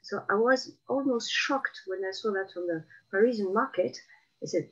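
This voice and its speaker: A middle-aged woman from Provence whose Southern French accent comes through in every phrase. She answers interview questions in an unhurried, reflective way, pausing often as she recalls things. The recording sounds slightly muffled. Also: medium pitch, animated, husky. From Provence, France. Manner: reflective, unhurried storytelling with frequent pauses. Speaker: guest. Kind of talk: casual video interview.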